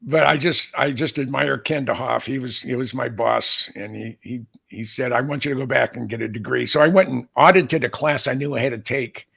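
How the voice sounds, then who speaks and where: An older man from the San Francisco Bay Area with a heavily gravelly, husky voice that still rings bright and forceful. He co-hosts a casual chat and rambles through his stories, restarting his sentences again and again. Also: medium pitch, brisk, few pauses. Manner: rambling storyteller with many restarts. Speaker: co-host, aviation author.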